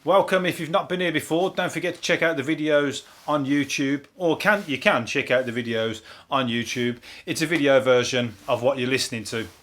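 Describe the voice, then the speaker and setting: A man with a Brummie accent hosts a comedy podcast, talking at an ordinary pitch. He rambles through the day's stories in a dry, deadpan way, swearing freely and stumbling over fillers and restarts. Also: a little fast, hardly any pauses. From England. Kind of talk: rambling topical comedy monologue.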